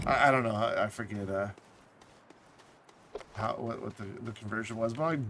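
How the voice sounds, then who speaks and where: A man's voice: lowish voice, normal speed, long pauses, background noise. A man chatting casually while he streams a game live, rambling and amused, with lots of fillers and restarts. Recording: loud game sound under the voice.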